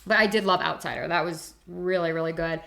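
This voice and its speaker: A woman's voice: lowish voice, steady tone, brisk, gravelly, fairly bright tone, slight background noise. A young woman chatting casually to viewers while doing her skincare on a livestream, giggly and reacting to comments. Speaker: beauty livestream host.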